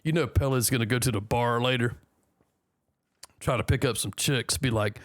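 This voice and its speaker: Reading through a news story in a halting way, an American news reaction host drops joking asides between the lines as casual commentary. He has an expressive, medium-pitched voice, captured in studio quality without room sound.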